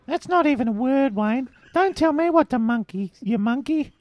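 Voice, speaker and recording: A woman's voice: high voice, expressive, moderate pace, darkish tone, no room sound. Brash, snappy young slum woman read by a woman in a comedy read-through, dry close sound. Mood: bickering. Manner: snappy, swaps swears for a silly word. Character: brash foul-mouthed young woman from the slums. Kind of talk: amateur script read-through.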